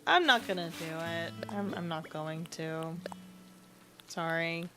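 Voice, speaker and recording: A woman's voice: lowish voice, takes it slowly, music in the background. A woman streaming a game, chatting casually with her viewers in a rambling, self-deprecating way. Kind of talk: casual livestream chat while playing.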